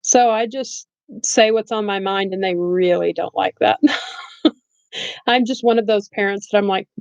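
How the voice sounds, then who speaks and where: A middle-aged woman chats unfiltered on a live stream from her bedroom, slow and rambling, with frequent laughs. The recording is dry and slightly muffled, like a cheap home setup. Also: medium pitch, creaky, a little mellow, no echo. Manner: blunt, laughs often, rambling, says she has no filter. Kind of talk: casual live-stream chat.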